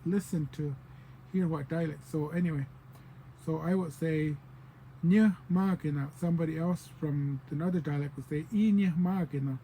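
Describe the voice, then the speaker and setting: A man's voice: on the high side, fairly even intonation, normal speed, warm tone, a little hiss or hum, low-quality recording. A man giving a casual spoken language lesson, patiently explaining and repeating example words. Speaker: language teacher.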